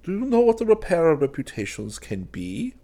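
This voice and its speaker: A male reader voicing a gentle, probing man who quietly questions the narrator in a storybook reading. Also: on the high side, wildly swooping pitch, a little fast, pitched above the performer's own voice.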